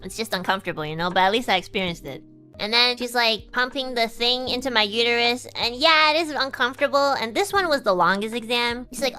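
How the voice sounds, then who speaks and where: A young woman streamer tells a personal story in a casual, animated way, acting out every line she quotes. Her voice is bright and crisp, sitting a little high. Soft music plays faintly behind her. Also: brisk. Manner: animated, exaggerated retelling with quoted voices and laughs.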